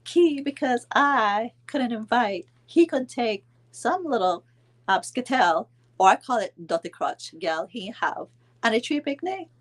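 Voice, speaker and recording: A woman in her thirties casually telling a vacation story to her viewers, chatting along with their comments and filling pauses with "um". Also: on the high side, expressive. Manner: chatty, answers viewer comments, frequent ums and laughs. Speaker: vlog host telling a story to live viewers.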